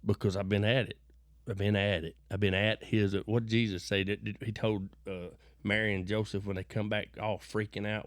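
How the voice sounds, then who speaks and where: Brisk and level in tone, a lowish-voiced middle-aged man with a West Texas accent spins rambling, folksy yarns as an interview guest. He keeps restarting and repeating words and slips into preachy bursts. The studio-quality audio has no echo.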